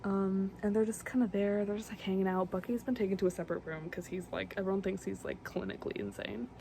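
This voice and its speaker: Young woman, casual chatty recap, lots of fillers, mellow tone, vocal fry. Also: medium pitch, steady tone, fast talker, slight background noise. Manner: chatty, full of fillers and asides. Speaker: vlogger recapping films.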